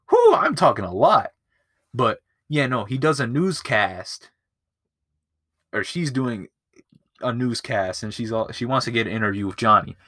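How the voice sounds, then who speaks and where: A man with a lowish voice recaps a movie on his podcast in a loose, rambling way, swearing freely and doubling back. He is recorded close up, and the sound is dry. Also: fairly bright tone, dry recording. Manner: rambling, profane, loses his place. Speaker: podcast host. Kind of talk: casual movie review chat.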